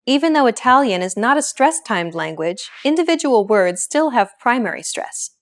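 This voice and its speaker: A woman hosting a language lesson, explaining pronunciation in clear, encouraging scripted narration. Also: fairly high pitch, sing-song, moderate pace.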